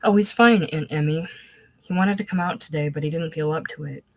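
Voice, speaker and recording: A woman reading aloud voicing a gentle, placating young man. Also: deep voice, fairly quick. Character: earnest young man, a soothing seminary graduate.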